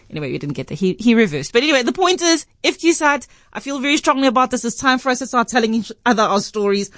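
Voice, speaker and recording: A South African woman radio host telling a story in an animated way, acting out the voices in it and laughing often. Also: a little high, fast talker, few pauses, no room sound.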